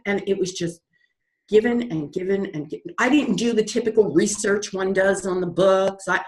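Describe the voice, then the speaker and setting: Lively storytelling woman, echoey room. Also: medium pitch, normal speed. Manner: lively, dramatic, acts out the voices in her story. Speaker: guest author. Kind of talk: animated storytelling in an interview.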